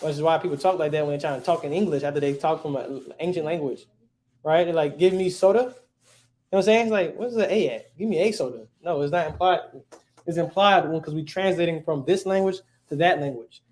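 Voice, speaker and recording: A man's voice: on the high side, fairly quick, a little mellow. A man teaching a class in a casual, conversational way, often checking in with the students. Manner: casual, keeps checking with "right?". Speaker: language teacher.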